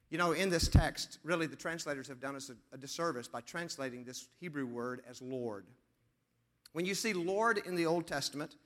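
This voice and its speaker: A man preaching a sermon as pastor, moving between emphatic lines and hushed, slow stress on key words. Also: on the high side. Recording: long hall reverb.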